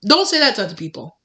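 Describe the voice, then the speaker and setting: A woman's voice: high-pitched, pushed and bright. A young woman reading tarot for her channel, talking candidly and emphatically in a loose, chatty way full of "like" and "you know". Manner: candid, emphatic, uses fillers like "like". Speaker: tarot reader. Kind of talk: casual tarot reading monologue.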